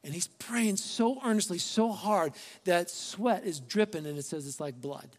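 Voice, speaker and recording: A man's voice: sits high, unhurried, long reverb tail. A male pastor preaching a sermon in a conversational, emphatic way, full of rhetorical questions to the congregation.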